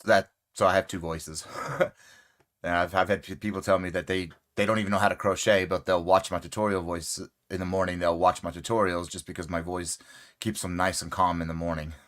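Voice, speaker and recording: Low-voiced man chatting on a livestream. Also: brisk. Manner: rambling, greets viewers by name; relaxed and friendly, with frequent fillers. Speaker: crochet livestream host. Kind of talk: casual livestream chat.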